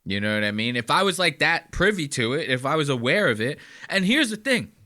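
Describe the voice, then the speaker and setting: A man's voice: a little high, very animated, brisk, bright, forceful tone. A man hosting a podcast, reacting to clips with profane, incredulous rants. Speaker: podcast host.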